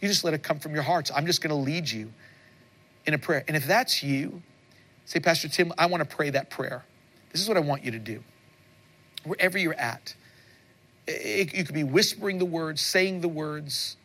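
A man's voice: on the high side, moderate pace, long pauses, a bit bright. A male pastor preaching a sermon and leading an altar call, earnest and repetitive, with stammered restarts.

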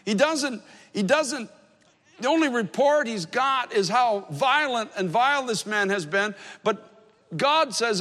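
A man's voice: very high voice, expressive, a little slow, a bit bright. A man preaching a sermon as pastor, telling a story in an earnest, emphatic way. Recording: long hall reverb.

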